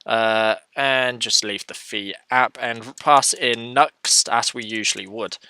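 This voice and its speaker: Bright, crisp-voiced man thinking aloud. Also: mid-range voice, takes it slowly, no echo. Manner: thinks aloud, self-correcting, chatty. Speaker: coding tutorial host. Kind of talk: casual screen-share coding tutorial.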